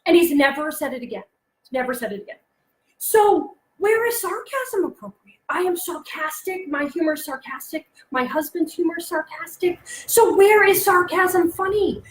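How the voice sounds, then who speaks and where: A chatty woman in her thirties gives a solo talk to parents and keeps acting out her son's silly jokes. Her voice sits high. The room around her is echoey. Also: animated, moderate pace. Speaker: presenter on parenting and humor. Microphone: close mic, alone presenting online.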